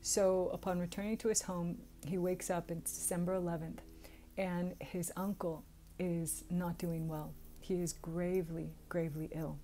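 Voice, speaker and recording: A woman with a Southern US accent casually retelling a sacred story, chatty and quick to laugh at her own jokes. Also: fairly low pitch, mellow, slight background noise. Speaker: spiritual storyteller.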